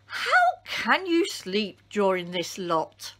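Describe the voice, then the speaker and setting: A woman voicing a frightened, bossy ship captain shouting urgent orders in a storybook reading. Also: medium pitch, huge pitch swings, takes it slowly, exaggerated voice. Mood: urgent, panicked.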